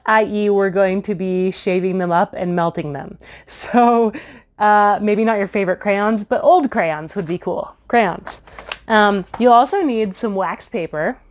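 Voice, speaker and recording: Bubbly woman hosting a kids' science lesson. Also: medium pitch. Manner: bubbly, chatty, playful. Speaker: science show host.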